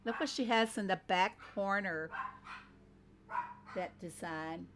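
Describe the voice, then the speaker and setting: A woman's voice: medium pitch, takes it slowly, background noise. Chatty woman with a Southern twang. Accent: Southern American twang. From Southern United States. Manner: chatty, laughs often, self-deprecating asides. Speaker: host. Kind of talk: casual reaction commentary.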